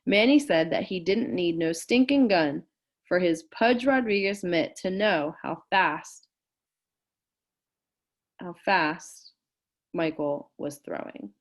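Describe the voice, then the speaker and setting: A woman teacher reads a chapter aloud to her students, her voice sitting a little low. She acts out the dialogue with lively jumps in pitch and loudness, then drops into plain asides that explain words to the class. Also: slow, pauses often.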